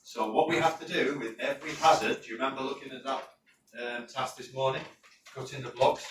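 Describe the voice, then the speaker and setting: In a training classroom, a chatty northern English instructor with a mid-range, fairly bright voice teaches safety, mixing in anecdotes and quizzing the class, often checking with "right?". Expect a roomy sound from a far-off mic and a trace of noise.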